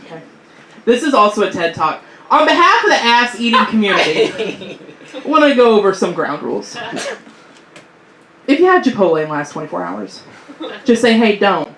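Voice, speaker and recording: A woman doing improvised stand-up in a small comedy club, brash and laughing, with loud bursts. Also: medium pitch, big pitch swings, normal speed, pauses often. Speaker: stand-up comic. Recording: roomy club with crowd noise.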